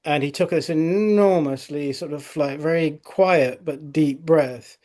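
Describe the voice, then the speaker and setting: A middle-aged male osteopath recounting patient cases in a relaxed podcast conversation, full of fillers like "you know". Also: on the high side, measured pace. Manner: conversational storytelling with frequent fillers.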